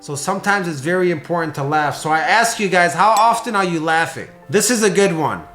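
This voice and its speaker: High-voiced male sales trainer, roomy sound. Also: a little fast. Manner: energetic, conversational, acts out sample sales lines. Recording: roomy echo with faint music.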